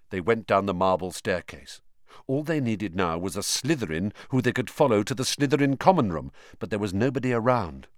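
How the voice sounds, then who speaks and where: A man narrating an audiobook in an expressive, animated reading. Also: fairly low pitch, brisk, no room sound, studio quality. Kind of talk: scripted narration.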